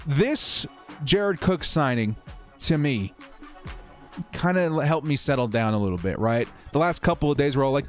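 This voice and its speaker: A man hosting a casual football live-stream, reading viewer comments and giving animated, fired-up opinions. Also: mid-range voice, normal speed, faint music behind.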